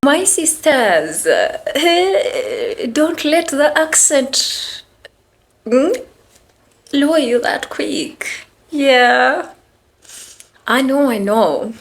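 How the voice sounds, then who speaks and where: A woman's voice: high voice, sing-song, extremely slow, creaky. A woman giving casual teasing commentary, hesitant and full of fillers.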